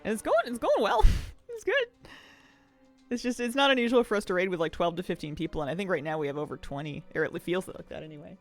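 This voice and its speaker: A game streamer talking casually from a home office, chatty and rambling and quick to laugh. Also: mid-range voice, sing-song, soft background music. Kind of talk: casual chat while streaming a video game.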